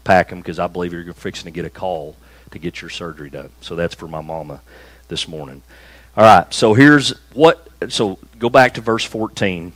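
Low-voiced pastor preaching. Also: male voice, no echo, rough recording. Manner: conversational preaching, slow emphatic stresses on key phrases. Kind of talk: sermon. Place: small church room, also streamed.

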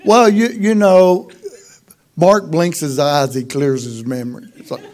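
A man's voice: fairly high pitch, fairly even intonation, unhurried, darkish tone. A middle-aged man with a Texan accent, a pastor telling folksy, self-deprecating stories in a humorous sermon. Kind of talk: sermon storytelling.

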